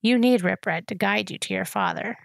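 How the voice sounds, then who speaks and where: Quiet older mentor man, composed and measured, as a woman puts him on. Low-key delivery. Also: creaky, no room sound. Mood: calm. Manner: calm, measured.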